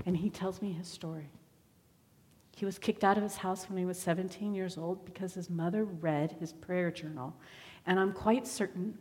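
A woman's voice: lowish voice, a little mellow. Woman preaching a personal story sermon. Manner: candid, self-deprecating asides. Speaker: church member giving a sermon. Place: church sanctuary. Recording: long hall reverb.

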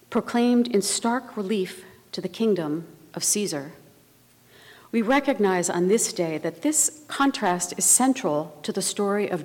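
A woman preaching a sermon in a measured, reflective way. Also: mid-range voice. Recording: long reverb of a large hall.

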